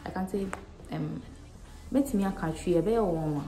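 A young woman from Ghana, answering questions in a casual vlog with a frank, animated, self-mocking manner. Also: mid-range voice, fairly quick, a little hiss or hum. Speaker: vlogger. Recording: echoey room with faint music.

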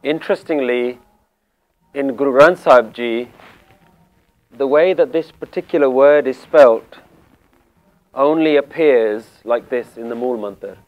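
A man teaching Sikh scripture, explaining word meanings calmly and deliberately, repeating key phrases. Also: mid-range voice, lo-fi sound. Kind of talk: slow spiritual explanation.

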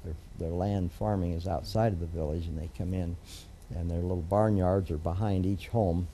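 Older man, deep dark voice. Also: fairly even intonation, moderate pace, slight background noise. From United States. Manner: rambling, warm storytelling with many fillers and restarts. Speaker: federal judge, interviewee. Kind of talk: oral history interview storytelling.

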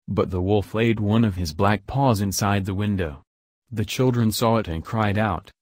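Calm low-voiced male storyteller. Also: normal speed, no room sound, studio quality. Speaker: storybook reader. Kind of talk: bedtime story narration.

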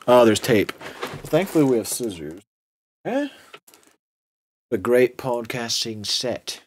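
A man's voice: medium pitch, big pitch swings, measured pace, long pauses, slight background noise. A young man hosting an unboxing video, talking in a casual, sarcastic and rambling way.

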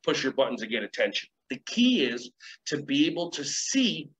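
A man leading a casual webinar lesson from home, energetic and rambling, acting out quoted voices and guiding breathing exercises. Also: medium pitch, normal speed. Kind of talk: casual teaching talk with guided exercises. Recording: dull lo-fi sound, faint ambience.

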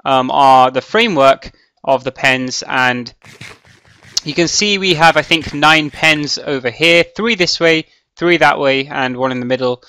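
Casting note: man with a crisp, fairly high voice, chatty let's-play rambler, thinking aloud, dry close mic. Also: sharp tone, no echo. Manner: rambling, thinks aloud with many ums and restarts. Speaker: Minecraft let's player. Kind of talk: casual gameplay commentary.

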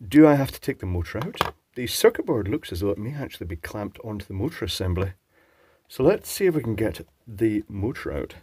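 A man's voice: lowish voice, sing-song, a little fast, darkish tone, slightly rough. A man presenting an electronics teardown, musing and chatting as he thinks aloud while working. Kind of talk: casual talk-through while taking apart a device.

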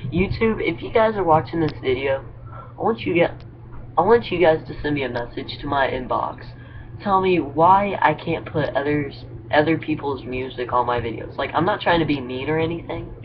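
A man vlogging casually, telling jokes in a hesitant, rambling, self-deprecating way. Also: a little high. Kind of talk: casual joke-telling vlog. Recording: dull lo-fi mic with clear background noise.

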